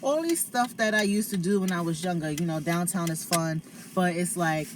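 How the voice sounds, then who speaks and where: A young woman with a New York accent talks casually to her viewers on a phone live stream. Her voice sits on the low side for a woman. A faint hum of street noise runs under her from inside a parked car. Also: moderate pace. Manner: chatty, talks to viewers and family between stories. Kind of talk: casual chat.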